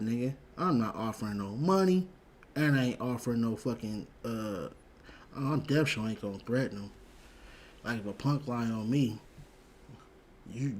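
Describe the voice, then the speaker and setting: Husky-voiced man ranting as a show host. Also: medium pitch, expressive, normal speed, a little mellow. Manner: blunt, profane, heated, with frequent repeats. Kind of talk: casual commentary rant.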